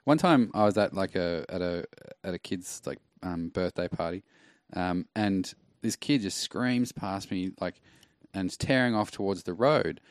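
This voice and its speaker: Male co-host, low pitch, wry, dry mic. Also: unhurried, few pauses, no echo. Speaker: podcast co-host. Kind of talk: casual chat.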